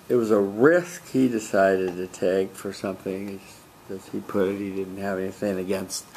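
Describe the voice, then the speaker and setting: A man who coaches debate, giving a student measured spoken feedback on a speech in a classroom, with frequent ums. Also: fairly low pitch, creaky, slight background noise.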